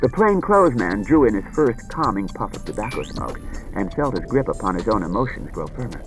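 Low-voiced man narrating an audiobook. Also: brisk, music in the background. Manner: dramatic, expressive reading.

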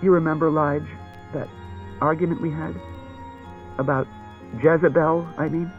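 A man's voice: a little high, steady tone, a little slow, faint music behind, voice pushed up. A man reading an audiobook, voicing a chatty, anxious wife who tells stories in a rambling, roundabout way, on a dull lo-fi recording. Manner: rambling, circuitous storytelling.

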